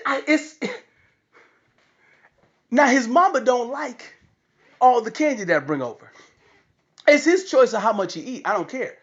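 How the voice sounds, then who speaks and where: A man tells a comic story with a preacher's lively swing, his pitch rising and falling widely. The recording sounds dull and lo-fi. He leans hard into every line. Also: unhurried, pauses often. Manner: animated, preacher-like delivery. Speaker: comedian.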